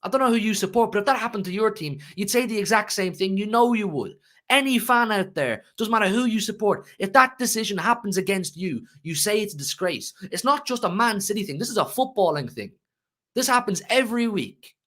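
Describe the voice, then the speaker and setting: Emotional ranting man, high bright voice. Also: lively intonation, a little fast. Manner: emotional, ranting, repeats himself. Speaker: fan channel host. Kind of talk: heated football rant to live chat.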